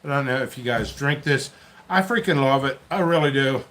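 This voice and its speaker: At medium pitch and a moderate pace, with a fairly bright tone, the pepper seed seller talks to himself as he works in his basement. It's a casual solo vlog from the channel host, rambling and chatty.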